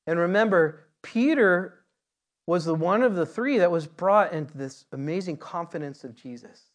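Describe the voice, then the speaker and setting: A man's voice: high-pitched, normal speed. A man preaching a conversational sermon, repeating words and building to emphatic peaks. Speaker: pastor.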